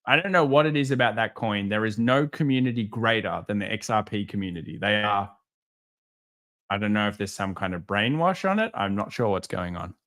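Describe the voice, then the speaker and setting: A man hosting a live market stream, reading viewer comments and answering them with sarcastic jokes and animated stories. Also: fairly low pitch, brisk. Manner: sarcastic, joking, animated storytelling.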